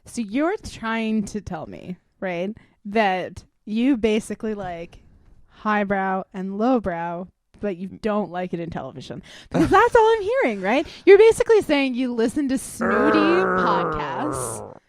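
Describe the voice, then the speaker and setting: A woman's voice: medium pitch, big pitch swings, a little slow, no room sound. A woman guest in a casual chat, teasing and arguing her points. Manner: teasing, argumentative.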